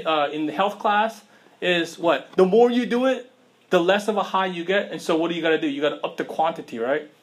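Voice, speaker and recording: A man preaching a sermon in a casual, conversational way, with slang and rhetorical questions to the listeners. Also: high-pitched.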